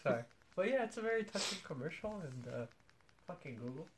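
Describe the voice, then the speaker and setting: Sarcastic young-sounding man with loud rants. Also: a little high, sing-song, fairly quick, noisy background. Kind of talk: casual chat reacting to ads.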